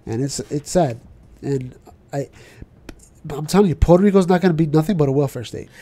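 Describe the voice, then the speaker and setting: Ranting New York man, soft voice. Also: a little high, brisk. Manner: animated, ranting, keeps asking "you know what I'm saying". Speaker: podcast co-host. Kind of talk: casual chat.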